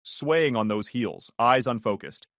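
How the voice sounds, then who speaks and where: A man's voice: medium pitch, measured pace, a bit bright, dry recording. A man narrating a first-person story in a dry, sardonic way.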